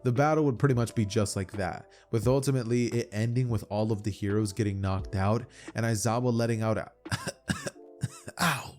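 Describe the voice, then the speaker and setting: A man's voice: fairly low pitch, fairly even intonation, normal speed, darkish tone, faint music behind. A man narrating a fan-made anime story at home in a loose, casual style with many fillers. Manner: loose, repeats "as from here", fillers. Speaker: youtube narrator. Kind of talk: casual fan-fiction retelling.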